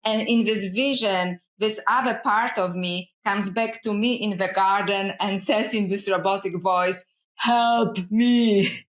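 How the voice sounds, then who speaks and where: Woman guest scholar, reflective and earnest, mid-pitched, echoey room sound. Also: steady tone, measured pace, few pauses, fairly bright tone. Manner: reflective, earnest, often says "you know". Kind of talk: conversational podcast interview. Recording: roomy echo.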